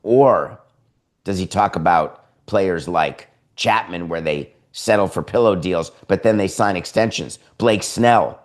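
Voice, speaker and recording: Sarcastic, low-voiced male sports talk host. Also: a little slow. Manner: sarcastic, opinionated, animated. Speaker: podcast host.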